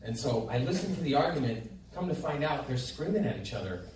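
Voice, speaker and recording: A man's voice: mid-range voice, big pitch swings, fairly quick, darkish tone, very echoey, far from the mic, a little hiss or hum. Profane, exasperated male stand-up comic. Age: adult parent. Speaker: stand-up comedian. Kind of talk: stand-up set. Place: comedy club stage.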